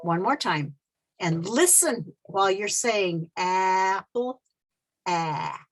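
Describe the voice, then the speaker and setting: A woman teaching short vowel sounds in a slow, patient way, repeating each sound for the learner. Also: mid-range voice, lively intonation, soft background music. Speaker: literacy teacher. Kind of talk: slow pronunciation lesson.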